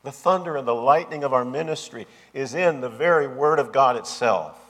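A man's voice: medium pitch, expressive, moderate pace, a bit bright. A man preaching a sermon as pastor, with an emphatic, repetitive cadence. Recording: long hall reverb.

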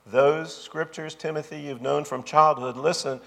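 A man's voice: a little high, fairly even intonation, normal speed, gravelly, a bit bright. A man preaching a sermon as pastor, with an emphatic, repetitive cadence. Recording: long hall reverb.

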